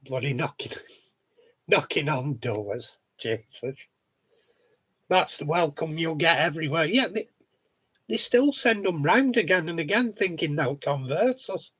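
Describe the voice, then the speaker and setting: A man's voice: a little high, animated, a little slow, sharp tone, slightly rough, rough recording. A man in a casual monologue vlog, talking bluntly, swearing freely and chuckling often. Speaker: vlogger.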